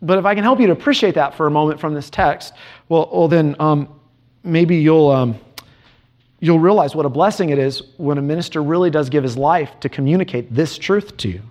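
His voice is a little high and darkish in tone as the male preacher delivers his sermon earnestly and emphatically. He asks rhetorical questions and reads scripture with a measured cadence.

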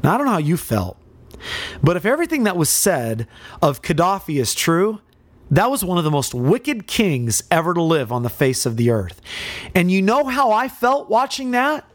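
An impassioned male preacher delivers an expository sermon, throwing rhetorical questions at his listeners. His pitch moves freely up and down. The recording is close and dry, with no room sound. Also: big pitch swings, normal speed, no echo.

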